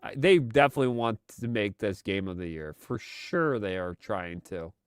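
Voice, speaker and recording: A man's voice: on the low side, animated, moderate pace, clean tone, no room sound, clean studio sound. A man hosting a live commentary stream, talking in a sarcastic, exasperated way. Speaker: streamer host.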